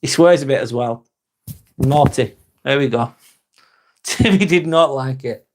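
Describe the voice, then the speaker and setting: A man's voice: medium pitch, unhurried, slight background noise. An English man hosting a casual live-stream chat, joking, teasing himself and swearing freely. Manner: sweary, joking and self-mocking.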